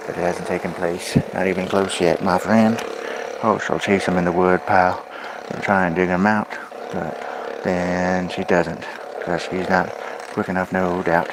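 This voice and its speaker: A man's voice: sits low, little pitch movement, a little slow. A man livestreaming at home, massaging his dogs and talking to them in playful rhyming singsong, with coaxing commands to the pets. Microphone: phone microphone on a stream. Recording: clear background noise.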